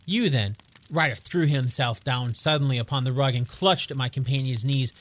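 A man narrating a classic detective story in a measured, even reading. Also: mid-range voice.

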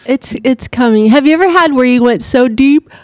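A middle-aged woman co-hosts a casual podcast, teasing her husband playfully. Her voice sits a little high and sounds close and dry. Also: moderate pace, darkish tone, no room sound. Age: 40s to 50s. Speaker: podcast co-host. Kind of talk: bickering casual chat.

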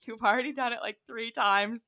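A woman's voice: on the high side, fairly even intonation, fairly quick, pushed and bright. A young woman co-hosting a podcast, recapping a show in sarcastic, profane, casual chat. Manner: sarcastic, swears, jumps into quoted voices. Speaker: podcast co-host.

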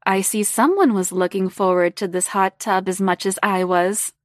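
A woman voicing a confident, teasing older woman who speaks in a slow, purring, coaxing way. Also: medium pitch, steady tone, no room sound, studio quality, close to an everyday voice.

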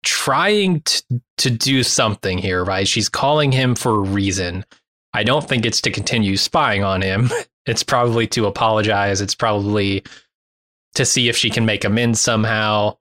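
A man's voice: fairly low pitch, moderate pace, bright, forceful tone. A man in casual podcast chat, giving frank opinions on a movie and laughing easily. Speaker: podcast co-host. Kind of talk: casual film discussion.

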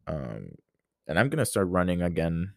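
Deep-voiced young man musing aloud. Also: very animated, moderate pace, vocal fry, darkish tone, dry recording, studio quality. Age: young adult. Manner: rambling, reflective, full of fillers and restarts. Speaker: podcast host. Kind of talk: casual solo podcast chat.

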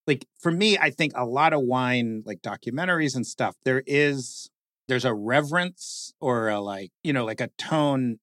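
A man in lively conversation, often saying "like" and mimicking stiff announcer voices. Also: mid-range voice, moderate pace, no echo, studio quality. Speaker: guest speaker, podcast creator. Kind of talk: animated conversational talk.

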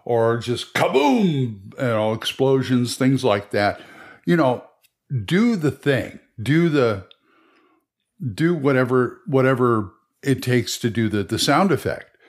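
A man's voice: medium pitch, expressive, a little slow. A man hosting a podcast, giving casual advice on running tabletop games in a rambling way with many restarts. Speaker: game master podcaster.

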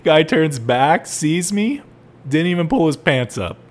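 A young man hosting a solo podcast, telling stories animatedly with laughs and loud exclaims. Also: on the high side, very animated, unhurried. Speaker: podcast host.

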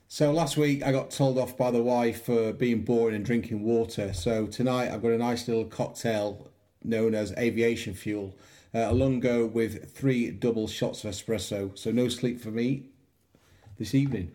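Relaxed male co-host, warm dark tone. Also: medium pitch, moderate pace. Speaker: podcast co-host. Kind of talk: casual podcast chat.

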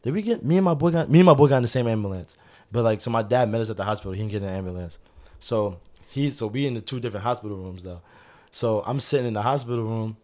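A man telling a story in casual chat, animated and slangy, acting out other people's voices and laughing often. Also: lowish voice, fast talker.

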